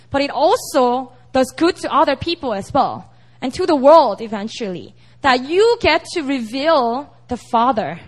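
A young woman preaches in a relaxed, chatty way, often asking her listeners if they follow. Her voice sits high and swings widely in pitch. She sounds conversational rather than formal. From South Korea. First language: Korean. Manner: chatty, with frequent "you know" and "right?". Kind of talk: casual, animated sermon.

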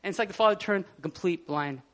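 A man preaching a casual, animated sermon in a church, often laughing and acting out scenes. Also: high-pitched, fast. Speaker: pastor. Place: church hall.

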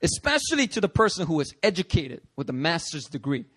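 A man preaching a sermon, animated and conversational, acting out voices in his stories. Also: on the high side, brisk, breathy edge. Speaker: pastor.

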